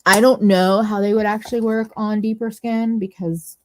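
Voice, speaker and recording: A woman's voice: mid-range voice, steady tone, normal speed, a little mellow, slight background noise. A woman chatting casually on a makeup livestream, rambling and correcting herself as she goes. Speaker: co-host of a beauty livestream. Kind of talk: casual chat about makeup.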